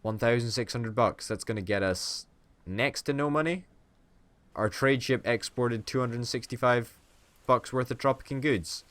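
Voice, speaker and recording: A man's voice: mid-range voice, moderate pace, a bit bright, dry recording. A man giving playful, swearing let's-play commentary and hamming it up as a would-be dictator. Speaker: gaming YouTuber.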